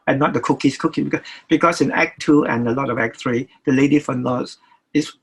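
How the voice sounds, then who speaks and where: A man's voice: medium pitch, steady tone, vocal fry, slightly rough, low-quality recording. An older man, a record producer, talking as an interview guest, stopping and restarting his sentences often. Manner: halting, many restarts and repeated words.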